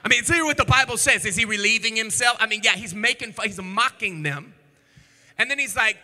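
A man preaching an energetic sermon as a pastor, animated, swinging between shouts and hushed storytelling. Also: high-pitched, fast. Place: church sanctuary. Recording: echoey church hall.

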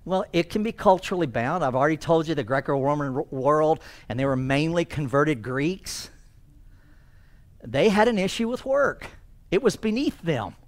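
A man preaching a sermon as pastor in a church, swinging from loud emphasis down to hushed near-whispers. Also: fairly high pitch, expressive, normal speed.

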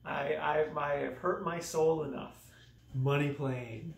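A man's voice: on the high side, fairly even intonation, a little slow, creaky. A young man casually reviewing movies in a self-mocking, exaggerated way, with sudden dramatic swings in his voice. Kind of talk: casual comedic review monologue. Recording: echoey room, voice a bit off-mic.

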